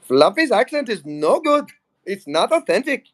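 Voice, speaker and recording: Male livestream host, high voice, joking around, playful, reads chat comments aloud. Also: sing-song, moderate pace.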